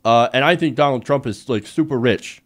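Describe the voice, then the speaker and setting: A man's voice: mid-range voice, normal speed, natural voice. A man doing a mocking impression of a public figure posing as his own boastful publicist, talking in bluster. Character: Trump posing as boastful publicist John Barron.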